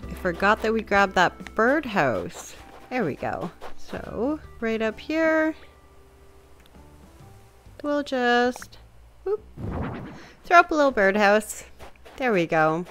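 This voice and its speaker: A woman's voice: a little high, sing-song, slow, pauses often, fairly bright tone, faint music behind. A young woman giving casual, upbeat commentary while she plays, thinking aloud as she decorates. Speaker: gameplay video creator.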